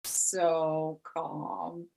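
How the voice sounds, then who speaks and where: A middle-aged woman with a fairly low voice hosts a podcast and tells a personal story. She talks in an animated way, stacks up repeated words for emphasis and laughs now and then as she goes. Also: drawn-out words, gravelly, slight background noise, poor audio. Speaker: podcast host.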